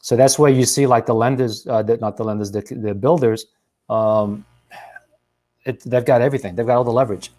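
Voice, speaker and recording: A man's voice: medium pitch, steady tone, a little fast, warm tone. A man hosting a real estate show, running through market statistics with uh and um fillers. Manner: runs through numbers, hesitant fillers. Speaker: realtor host.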